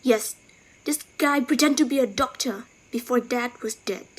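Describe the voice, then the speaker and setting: A woman's voice: a little high, normal speed, lightly acted. A woman voicing an angry, grieving teenage boy who is chasing his father's killer. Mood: urgent. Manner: sulky, bitter, then yelling. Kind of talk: fan machinima voice acting.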